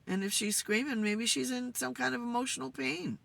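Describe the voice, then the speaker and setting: Gravelly, bright-toned woman talking to spirits. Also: a little fast. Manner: musing, low-energy, talks to spirits directly. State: tired, yawning. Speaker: spirit communicator and channel host. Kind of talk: casual spirit session monologue. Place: in a car.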